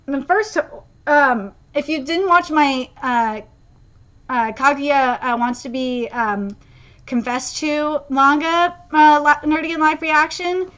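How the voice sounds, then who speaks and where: A woman's voice: sits high, slow pace, a bit bright, muffled recording. A woman streaming a live manga reaction, talking emotionally and rambling with many fillers and restarts.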